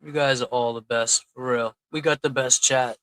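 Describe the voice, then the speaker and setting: A man's voice: mid-range voice, fairly even intonation, moderate pace, a bit bright, clear, resonant tone, low-quality recording. A man hosting a casual livestream, reading out and thanking chat donors in a loose, chatty way. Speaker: livestream host.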